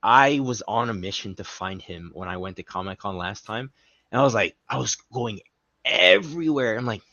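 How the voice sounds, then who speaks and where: A man's voice: fairly low pitch, animated, moderate pace, gravelly, sharp tone, dry recording. Chill young guy guest on a podcast, dull dry audio, laughs a lot. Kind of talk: casual chat.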